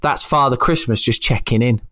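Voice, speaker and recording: A man in his thirties chatting casually as a podcast co-host, telling lively stories and acting out the quotes. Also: mid-range voice, normal speed. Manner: animated storyteller who acts out quotes. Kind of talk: casual chat.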